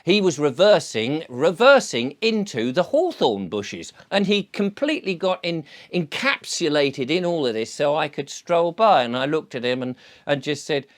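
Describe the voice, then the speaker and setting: A man's voice: a little high, moderate pace. A middle-aged man talking straight into a close mic, in a casual monologue. His voice swings up and down expressively as he spins sarcastic anecdotes. He slips into little voices to act out the scenes. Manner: sarcastic, animated storyteller acting out scenes. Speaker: channel host.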